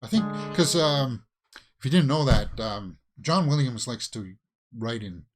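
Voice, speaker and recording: A man's voice: medium pitch, animated, a little slow, faint music behind. A man with a Canadian accent hosting a casual watch-along reaction, talking back at the screen with pleading, exasperated asides. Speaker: reaction video host.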